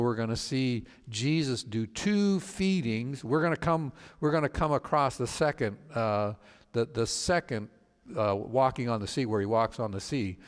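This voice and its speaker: A man, a pastor, teaching a Bible study in a storytelling way, halting with fillers and restarts and acting out the people he quotes. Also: medium pitch, big-room sound. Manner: acts out quoted speakers with voice changes.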